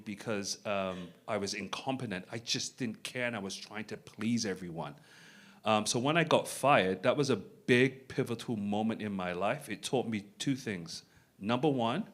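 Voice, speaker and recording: A middle-aged man with a somewhat low voice speaks earnestly to an audience. He tells a personal story in a reflective way, repeating his key points. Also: fairly bright tone. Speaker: panel speaker. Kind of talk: personal story at a panel event.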